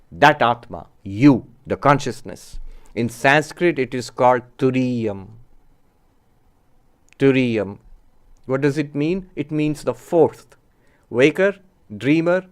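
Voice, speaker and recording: Pitched a little high with a clean tone, this male monk and spiritual teacher speaks in a measured way on philosophy. Rhetorical questions aimed at the audience underline what he's saying.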